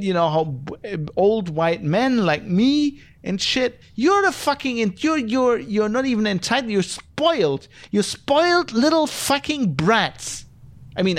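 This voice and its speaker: Middle-aged guy podcast host going off on a rant, lots of swearing, fed up. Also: sits high. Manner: profane, exasperated ranting. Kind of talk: ranting podcast monologue.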